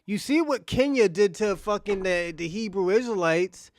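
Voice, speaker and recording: A man's voice: sits high, lively intonation, normal speed, no echo, clean studio sound. A man talking bluntly in profane street slang during a casual discussion.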